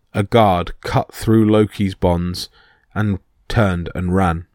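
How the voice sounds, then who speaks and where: Male podcast storyteller, low, steady, vivid, dry sound. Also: no room sound. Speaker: narrator. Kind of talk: storybook narration of myths.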